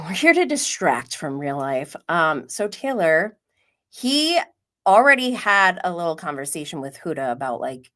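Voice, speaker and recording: A woman's voice: low voice, a bit bright. A woman hosting a live stream about reality TV, chatting in a gossipy way, laughing often and sometimes dropping to a whisper. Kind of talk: casual live-stream commentary.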